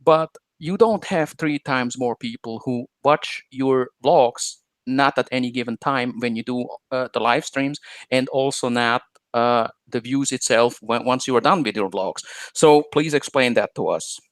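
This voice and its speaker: A man's voice: mid-range voice, measured pace, dry recording. A man co-hosting a live stream, talking in long rambling questions full of fillers. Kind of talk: casual live stream chat.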